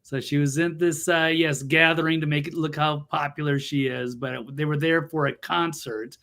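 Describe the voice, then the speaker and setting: A man's voice: fairly high pitch, fairly even intonation, normal speed, vocal fry, sharp tone. A man co-hosting a casual political talk show, blunt and scornful in his remarks over a video call. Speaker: co-host.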